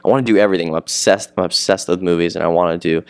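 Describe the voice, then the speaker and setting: A teenage actor with a low, deep voice talks eagerly and at great length in a relaxed interview, very fast, rambling and repeating himself. His tone is smooth and clear, recorded close and dry with little room echo.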